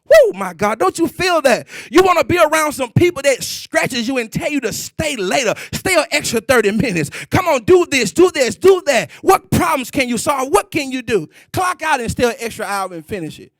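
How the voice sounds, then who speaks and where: A man's voice: very high-pitched, sing-song, normal speed, few pauses, a bit bright, no room sound, clean studio sound, soft background music. A middle-aged man preaching a sermon, emphatic and sing-song, calling out exclamations.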